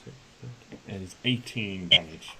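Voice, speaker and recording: A man narrating as game master of a tabletop game, describing the action in a relaxed, halting way with many fillers. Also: deep voice, heavy background noise.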